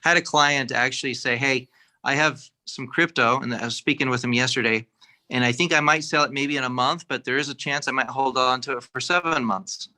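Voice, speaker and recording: A man in a casual business chat, explaining deals in a measured way. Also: medium pitch, sharp tone, low-quality recording.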